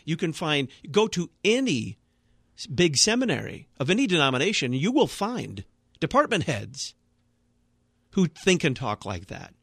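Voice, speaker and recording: A man's voice: fairly high pitch, sing-song, normal speed, creaky, fairly bright tone, breathy edge, dry recording, studio quality. A man, a Lutheran pastor, speaking as a guest on a radio talk show, earnest and emphatic with a blunt manner.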